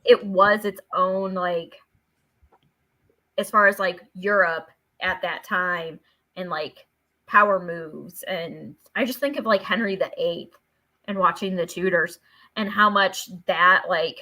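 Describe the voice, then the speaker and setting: A woman's voice: on the low side, slow, bright, forceful tone. A woman co-hosting a live book discussion, chatting casually with many "like" fillers.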